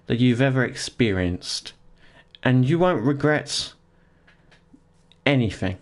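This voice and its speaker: A man's voice: medium pitch, expressive, a little slow, pauses often. A young man chatting casually and jokingly to his live-stream chat while gaming, rambling and laughing often, in his home office.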